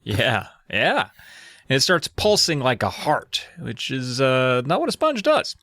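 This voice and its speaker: A man co-hosting a podcast, recapping a book in a casual comedic way, slipping into squeaky voices for the characters. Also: a little slow, dry recording. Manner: animated, slips into high squeaky kid voices for quotes. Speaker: podcast co-host retelling a book.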